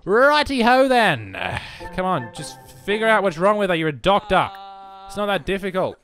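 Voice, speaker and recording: A man's voice: sits high, a little fast, fairly bright tone, soft background music. A young man giving casual, self-mocking let's-play commentary, chatting to the game as he plays. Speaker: gaming video host.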